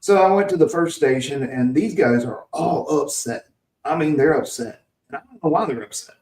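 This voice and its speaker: A man's voice: a little high, normal speed, darkish tone. Rambling storyteller man, roomy and distant. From Mississippi. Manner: rambling anecdotes with frequent restarts and chuckles. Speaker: podcast host. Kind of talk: casual storytelling chat. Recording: roomy, set back from the mic.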